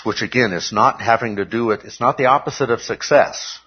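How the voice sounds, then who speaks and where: A man's husky, mid-range voice moves briskly as he preaches to his congregation at a church service. He teaches in steps and often checks in with "okay?". The recording quality is dull and lo-fi.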